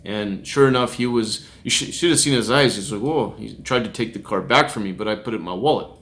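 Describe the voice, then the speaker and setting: A man's voice: lowish voice, fast talker, fairly bright tone. A middle-aged man, a street minister, telling a personal testimony story and often chuckling as he recounts it. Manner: chuckles often while recounting, acts out quoted voices.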